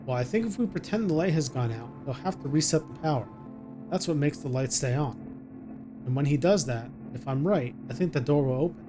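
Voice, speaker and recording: A man voicing a frightened young mother who talks to her little son in a hushed, soothing way, reading game dialogue aloud. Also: on the high side, animated, brisk, over music, natural voice. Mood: hushed, coaxing. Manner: hushed and soothing, coaxing a child.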